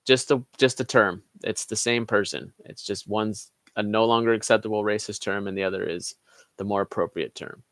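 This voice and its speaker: Fairly low in pitch and a bit bright, this young channel host speaks at a moderate pace in a dry, echo-free recording. He runs a casual livestream Q&A, reading out questions from live chat and tossing off answers while cursing freely.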